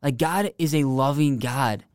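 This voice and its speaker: A young man telling faith stories in a podcast chat. He is earnest and loose, restarting sentences and leaning on "like", and his voice comes across smooth and clean in a dry, close recording. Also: mid-range voice, unhurried, dry recording. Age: young adult. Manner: earnest, rambling, many restarts and "like". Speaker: podcast guest. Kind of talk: casual faith testimony.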